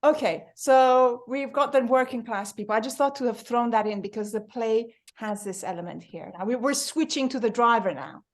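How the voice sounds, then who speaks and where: A woman leads a reading-group discussion over a video call. She talks in a chatty, animated way with plenty of fillers, and her voice sits fairly high. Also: moderate pace, hardly any pauses.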